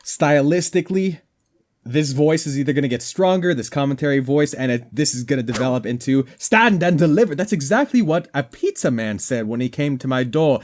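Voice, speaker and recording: A man's voice: medium pitch, lively intonation, fairly quick, a little mellow. Goofy rambling man commenting on a game. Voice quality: voice worn out. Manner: goofy, rambling, jokey asides. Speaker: gaming commentator.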